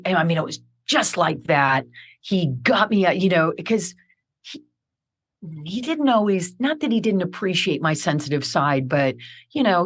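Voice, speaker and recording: A middle-aged woman, a podcast guest, telling a personal story in a vivid, animated way and acting out her own remarks. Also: on the low side.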